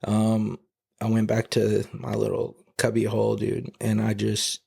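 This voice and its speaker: A man, a podcast guest, telling an emotional personal testimony in a halting way, with many fillers and restarts, near tears. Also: fairly low pitch, monotone, vocal fry, dark tone, breathy edge.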